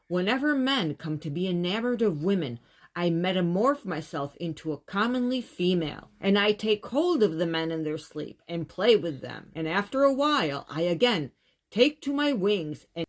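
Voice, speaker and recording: A woman voicing a frightened male demon who begs and pleads in old-fashioned speech. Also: medium pitch. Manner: solemn archaic recital.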